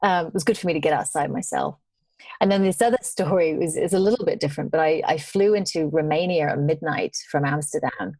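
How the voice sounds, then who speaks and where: A woman guest on a podcast, telling travel stories in casual conversation, animated and laughing now and then. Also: low voice, brisk, dry recording.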